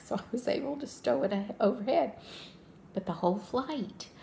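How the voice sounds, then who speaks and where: A woman's voice: medium pitch, creaky, slight background noise. An older woman chatting to her viewers as a cross-stitch vlogger, telling a travel story in a friendly, talkative way.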